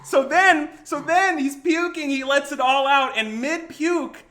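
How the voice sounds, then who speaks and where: A man hosting a live stream, telling a story in an animated way, laughing and acting out the scene. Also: extremely high pitch, measured pace. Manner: animated, laughing, acts out the scene and shouts quotes. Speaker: show host.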